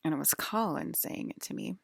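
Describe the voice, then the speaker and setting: A woman's voice: sits low, huge pitch swings, a little fast, vocal fry, no room sound, studio quality. A woman talking in a casual, rambling vlog monologue from her bedroom, leaning heavily on the filler "like". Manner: rambling, heavy use of filler "like". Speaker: vlogger.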